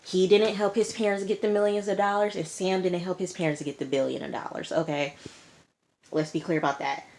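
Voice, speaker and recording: A woman's voice: lowish voice, steady tone, a little fast, a little mellow. A woman reviewing a reality TV show in a casual, emphatic way, often repeating herself and saying "like" and "okay". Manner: emphatic, repetitive, lots of "like" and "okay". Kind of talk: casual recap and commentary. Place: indoors, sirens audible outside.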